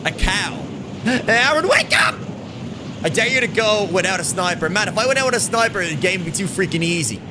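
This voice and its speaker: High-pitched and expressive, this Irish man talks quickly with few pauses, background noise behind him. He's live-streaming a shooter game, reading chat aloud while joking loudly, swearing freely, and shouting at the game.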